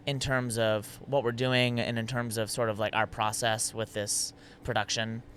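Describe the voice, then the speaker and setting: A man's voice: medium pitch, level tone, moderate pace, a bit bright. A man in casual podcast chat, playfully needling with question after question. His voice sits mid-range, and he often restarts his sentences. A faint background hiss runs under him. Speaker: podcast co-host.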